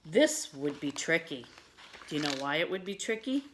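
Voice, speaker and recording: A woman reading a picture book aloud to children in an expressive way, adding asides for her young listeners. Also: sits low, normal speed, slight background noise. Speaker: children's storyteller.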